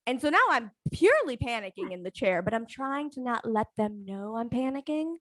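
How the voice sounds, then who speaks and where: A young adult woman telling a comic personal story on a live stream, profane, animated and self-mocking. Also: fairly high pitch, normal speed, no echo.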